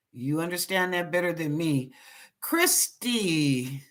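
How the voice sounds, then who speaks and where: Her voice is low, expressive and slow as she runs a live psychic reading stream. This psychic reader and host keeps the talk casual, welcoming each viewer individually by name.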